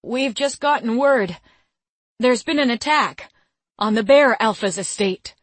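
A woman playing a frightened messenger, quavering, high-pitched, urgent, dry recording. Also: animated, measured pace, dry recording. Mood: alarmed.

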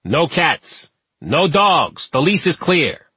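A man doing a querulous old superintendent, pitched up above a normal speaking voice and rather husky. He sounds suspicious and indignant, always pushing back. The recording is dry and close, like a storybook reading. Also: very animated, moderate pace, a bit bright, no echo, exaggerated voice. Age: 60s. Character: fussy suspicious older male building superintendent.

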